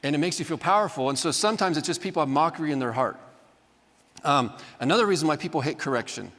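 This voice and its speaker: Guy teaching a class, chatty, acts out little quotes, kinda high voice, big echoey hall. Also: lively intonation, fast talker, fairly bright tone. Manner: conversational, often acts out quoted voices, adds "right?". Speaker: Bible college teacher. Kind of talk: classroom lecture. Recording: reverberant hall.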